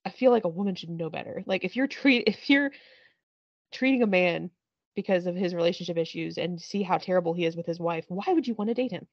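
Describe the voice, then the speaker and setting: Gravelly woman podcast host rambling about a tv show, laughs a lot, dull dry lo-fi sound. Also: lowish voice, quick pace, no echo. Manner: laughing often, animated retelling with swearing. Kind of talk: casual chat recapping a TV show.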